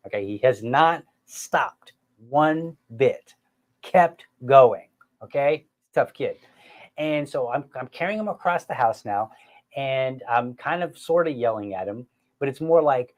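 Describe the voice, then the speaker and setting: A middle-aged man hosting a podcast, telling a family story in an animated, self-mocking way and talking straight to his listeners. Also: mid-range voice. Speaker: podcast host. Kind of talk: casual storytelling chat.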